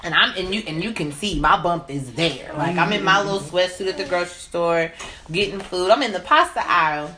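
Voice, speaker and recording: A woman in her twenties chatting casually as co-host, telling stories animatedly and acting out what people said with big jumps in her voice. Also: brisk. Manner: animated storytelling, acts out quotes with big pitch jumps. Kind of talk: casual chat. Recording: noticeable background hiss.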